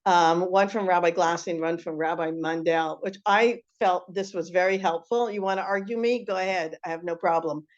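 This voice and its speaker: Middle-aged woman, informal class teacher; rambling, animated, on a dull lo-fi recording. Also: on the low side, normal speed, hardly any pauses. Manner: chatty, animated, rambling with many restarts. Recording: muffled lo-fi recording.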